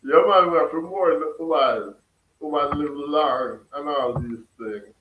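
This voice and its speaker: A Jamaican man chats casually on a livestream, laughing and firing questions back at his viewers. His voice sits a little high for a man. He is set back from the mic in an echoey room. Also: takes it slowly, far from the mic, phone-quality sound. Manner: laughs often, questions his chat, mixes patois. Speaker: livestream host reading chat. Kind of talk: casual chat.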